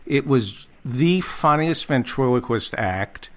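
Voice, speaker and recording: A man's voice: mid-range voice, expressive, takes it slowly, a bit bright. A man, a comedian guest in a casual chat, asking eager questions and laughing easily.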